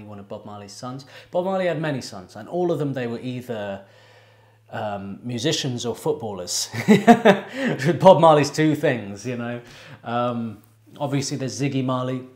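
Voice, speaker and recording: A man's voice: medium pitch, darkish tone, roomy sound. A man hosting a music reaction video, talking casually with frequent laughs, ums and restarts. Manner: chatty, laughs often, halting with ums and restarts.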